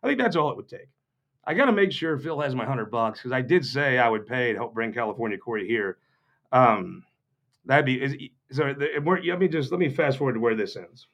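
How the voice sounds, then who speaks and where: A man's voice: medium pitch, expressive, brisk, gravelly, a bit bright, highs cut off. A man from Missouri giving off-the-cuff, joking political remarks to a gathering, sardonic and rambling with mocking asides. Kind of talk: off-the-cuff humorous political talk.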